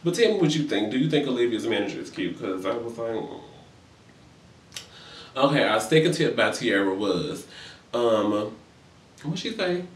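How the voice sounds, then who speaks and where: Sassy guy recapping reality tv, pitch all over the place, echoey room, a bit away from the mic. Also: big pitch swings, moderate pace, long pauses, recorded from a distance. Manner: sassy and profane, acts out quotes in high voices. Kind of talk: casual comedic recap. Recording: roomy echo, a bit off-mic.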